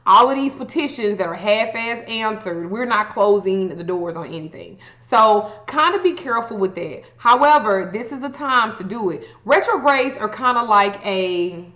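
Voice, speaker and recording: A woman's voice: mid-range voice, expressive, normal speed, hardly any pauses, pushed and bright. A woman giving astrology advice in a blunt, profane, casual rant. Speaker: astrology vlogger. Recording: echoey room, dull lo-fi sound.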